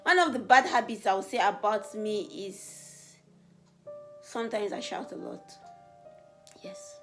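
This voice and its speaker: A woman's voice: mid-range voice, a little slow, faint music behind. Chatty young woman from Africa. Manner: animated, voice rises when excited; chatty and earnest. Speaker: beauty vlogger. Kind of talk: casual get-to-know-me Q&A.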